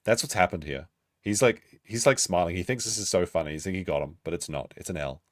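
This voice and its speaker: A man's voice: low voice, fast, no echo, clean studio sound. A man hosting a stream and reacting to a clip, blunt and swearing freely in long asides. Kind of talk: casual reaction commentary.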